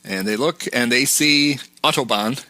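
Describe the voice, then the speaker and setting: A man's voice: medium pitch, unhurried, bright, forceful tone, no echo. A man co-hosting a podcast, casually recapping a film scene by scene. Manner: recounting scenes, quoting lines. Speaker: podcast co-host.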